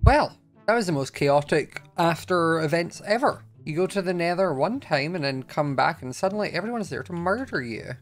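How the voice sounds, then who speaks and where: A man giving chatty, excitable gameplay commentary as he plays, often laughing. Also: a little high, moderate pace. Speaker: Minecraft video creator.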